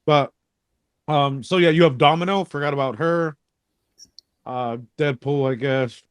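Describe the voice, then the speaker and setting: A man's voice: a little high, unhurried, smooth, no room sound, clean studio sound. A man co-hosting a podcast, giving offhand, hesitant opinions about a movie in casual chat. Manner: offhand, hesitant, many ums and whatevers. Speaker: podcast co-host.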